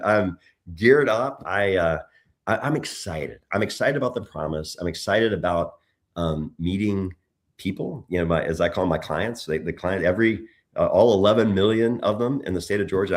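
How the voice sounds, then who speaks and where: A man's voice: sits low, normal speed. A middle-aged man, a political candidate being interviewed, telling stories with lots of restarts and repeated words. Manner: animated storytelling, frequent restarts. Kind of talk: conversational interview.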